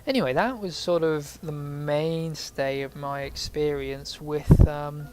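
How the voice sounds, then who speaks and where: A man's voice: fairly high pitch, takes it slowly, hardly any pauses, over loud music. A man giving casual, rambling gameplay commentary, swearing and joking at himself. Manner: rambling, swearing, self-mocking. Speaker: let's play host.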